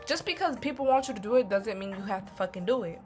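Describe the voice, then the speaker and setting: A young woman talks straight to camera in a casual storytime vlog, blunt and full of slang and cursing. Her voice sits at a middle pitch for a woman. Faint music plays under her. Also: fast talker. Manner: blunt, swears heavily, slangy and animated. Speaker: vlogger.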